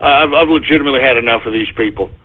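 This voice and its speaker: A man hosting a talk radio show, ranting loudly with shouted bursts and drawn-out emphasis on key words. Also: mid-range voice. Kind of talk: ranting internet radio monologue. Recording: tinny phone-like radio stream.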